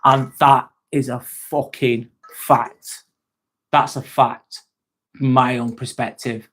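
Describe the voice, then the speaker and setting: A man's voice: mid-range voice, little pitch movement, slow pace, fairly bright tone. A young man hosting a casual live stream, chatting to viewers, swearing now and then and calling people mate. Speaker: livestream host reading chat.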